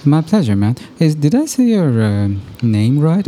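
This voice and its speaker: A man hosting a podcast conversation, reflective and measured, with frequent pauses and fillers. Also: a little high, big pitch swings, warm tone. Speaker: podcast host. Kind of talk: casual conversation.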